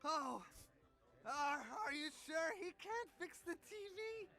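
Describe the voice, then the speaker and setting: A creaky doddering old superhero. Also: male voice, extremely high pitch, lively intonation, slow pace, sharp tone, full character voice. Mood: confused. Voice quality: creaky, quavering. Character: elderly retired male superhero, doddering.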